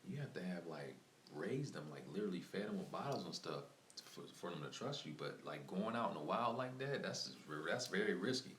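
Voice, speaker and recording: Deep-voiced man rambling in an echoey room. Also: animated, fairly quick, a bit bright. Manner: rambling, repeats himself, lots of "like" and "man". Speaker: live streamer. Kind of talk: casual storytelling to stream viewers. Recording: echoey room with faint ambient noise.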